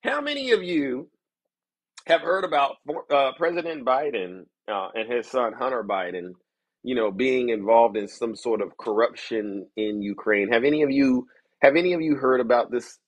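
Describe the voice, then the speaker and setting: On his political commentary show, a man rants at his viewers with theatrical, mocking showmanship, constantly repeating "ladies and gentlemen." He speaks at a moderate pace in an expressive, medium-pitched voice, with no room sound.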